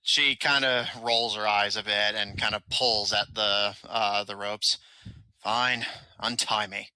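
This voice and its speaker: A man's voice: fairly low pitch, little pitch movement, a little slow, pushed and bright, clean tone, no echo, low-quality recording. A man narrating a tabletop game as game master, in hesitant narration full of fillers.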